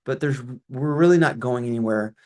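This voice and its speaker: A man's voice: medium pitch, fairly quick, darkish tone. A middle-aged man who used to be a pastor, giving a conversational presentation on a call with many restarts and fillers. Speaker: ministry consultant, former pastor.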